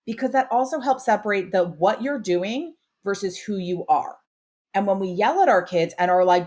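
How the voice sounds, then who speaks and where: A woman's voice: medium pitch, moderate pace. A woman hosting a podcast as a parenting expert, explaining her advice in an earnest, emphatic way. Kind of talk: conversational advice.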